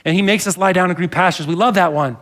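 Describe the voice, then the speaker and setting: High-voiced man preaching a sermon. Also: quick pace, a bit bright. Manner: earnest, conversational preaching with asides to the congregation. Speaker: pastor. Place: church sanctuary.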